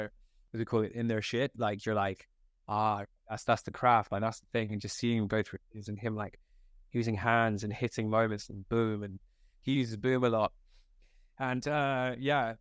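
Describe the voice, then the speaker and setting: A young man from Scotland tells stories from a film set in a loose, slangy way, scattering filler likes through his talk. His voice sits at a middle pitch and is recorded close and dry, with no room sound. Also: clear, resonant tone, no echo. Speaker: actor guest. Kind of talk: casual interview storytelling.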